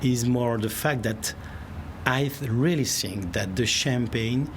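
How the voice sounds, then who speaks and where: A man's voice: medium pitch, slow pace. A man with a French accent, a winemaker and company head, giving a thoughtful interview answer in non-native English, searching for words. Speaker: winemaker and CEO. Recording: clear background noise.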